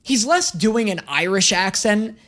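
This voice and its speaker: Male reaction host, casual commentary, crude jokes, animated delivery. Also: high-pitched, unhurried. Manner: profane, joking asides.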